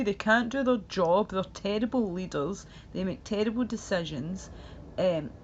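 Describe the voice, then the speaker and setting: A woman's voice: on the low side, darkish tone, dull audio, a little hiss or hum. A woman hosting a livestream, chatting in a rambling, blunt way with swearing and frequent laughs. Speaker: livestream host. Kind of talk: casual ranting chat.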